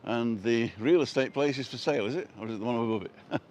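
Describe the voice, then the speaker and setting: A man with an English accent strolls down a street, pointing out shops and throwing in wry jokes. He speaks at a medium pitch. Faint passing traffic sits behind his voice. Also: fast, a little mellow. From England. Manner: chatty, jokey, chuckles at his own quips. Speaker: vlogger. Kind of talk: casual walking tour commentary. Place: outdoors on a street.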